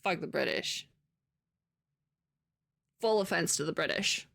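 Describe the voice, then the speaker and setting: A woman's voice: lowish voice, expressive, slow, vocal fry, fairly bright tone. An American woman livestreamer chatting casually with viewers, rambling and laughing often. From United States. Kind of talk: casual chat with live viewers.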